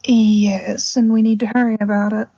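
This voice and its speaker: A woman player in a tabletop role-play game, talking in a low-key, matter-of-fact way. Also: level tone, moderate pace, warm tone, no room sound, dull audio.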